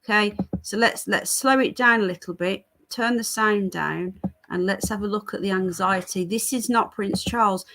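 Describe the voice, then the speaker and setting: A woman's voice: medium pitch, moderate pace, a bit bright. A woman from the United Kingdom is hosting a casual live stream from her home. She talks straight to her viewers in a chatty way and reads their comments aloud as they come in. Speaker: livestream host. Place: home with a child nearby.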